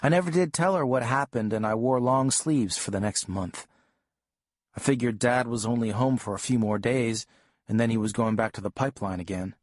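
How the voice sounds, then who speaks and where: Guy reading an audiobook, calm even telling, mid voice, dry studio sound. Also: mid-range voice, normal speed, no room sound. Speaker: audiobook narrator. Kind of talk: scripted first-person audiobook narration.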